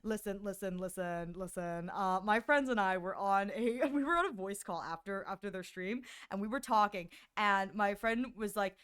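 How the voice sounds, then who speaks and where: A woman's voice: normal speed, hardly any pauses, smooth. Rambling, stammering young woman streamer. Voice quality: voice she calls shrill, like nails on a chalkboard. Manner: rambling and animated, with frequent stammered restarts. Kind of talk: casual chat with stream viewers.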